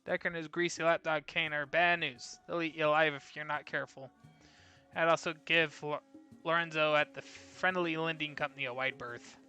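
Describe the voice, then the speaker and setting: A man's voice: on the high side, fairly even intonation, moderate pace, bright, forceful tone, highs cut off, soft background music. A man reading aloud the lines of a chatty, rambling woman who runs a gun shop, apologizing as she over-shares. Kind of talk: reading game dialogue aloud.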